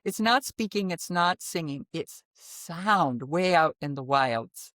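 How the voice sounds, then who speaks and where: Speaking slowly with a naturally deep voice, a woman from the American Midwest tells her story animatedly as a guest in a conversational interview. A voice teacher, she punctuates it with sudden vocal demonstrations, and the recording has clean studio sound with no room sound.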